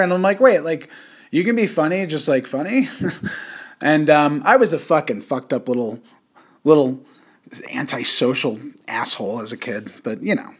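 Casting note: young male podcast host, slightly high pitch, loose rambling delivery, swears freely. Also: fairly bright tone. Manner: rambling, profane, many fillers and restarts. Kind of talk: casual podcast chat.

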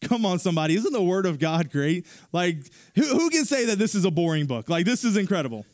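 A male pastor with a fairly high voice, preaching in an animated, conversational way. He retells the story loosely and throws in asides to the church. The sound is dry and close. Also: fast talker, no echo. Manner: animated storytelling preacher, paraphrasing casually with fillers. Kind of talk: sermon.

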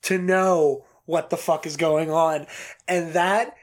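A man co-hosting a podcast, reading a news story aloud in a casual, excitable way, laughing often and swearing casually. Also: a little high, slow pace. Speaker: podcast co-host.

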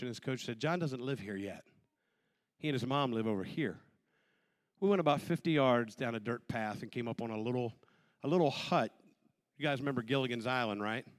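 A man in his forties sharing a personal testimony, an animated storyteller who acts out the voices of the people in his story. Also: medium pitch. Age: 40s.

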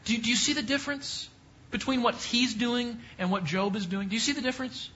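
Guy teaching a bible class, high voice, keeps asking do you see that, kinda dull recording. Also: brisk, bright, forceful tone. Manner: repetitive, emphatic preaching with rising questions.

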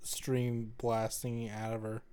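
A man's voice: medium pitch, monotone, takes it slowly, clear, resonant tone. A man co-hosting a podcast, teasing and cracking jokes with casual swearing. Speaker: podcast co-host. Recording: loud background noise.

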